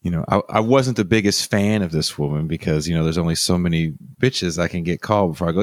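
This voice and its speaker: Podcast host, man with a very low voice, sardonic and casual, dry close sound. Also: fast, hardly any pauses, no room sound. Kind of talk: casual storytelling.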